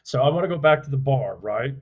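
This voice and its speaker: A man's voice: medium pitch, animated, fast, a little mellow, slightly rough. Guy on a podcast, blunt and sweary, keeps asking "right?", kinda muffled audio. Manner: blunt, profane, emphatic with rhetorical questions. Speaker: podcast guest, author and former soldier. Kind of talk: forceful conversational storytelling.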